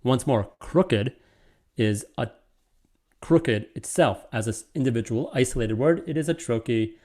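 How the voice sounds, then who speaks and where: A man's voice: medium pitch, measured pace, dark tone. A man giving an online literature lecture, explaining and thinking aloud as he goes. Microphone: video call.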